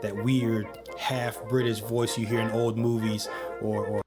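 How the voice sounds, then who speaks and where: A man's voice: lowish voice, flat delivery, measured pace. A man giving scripted history narration, with wry joking asides. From United States. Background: background music.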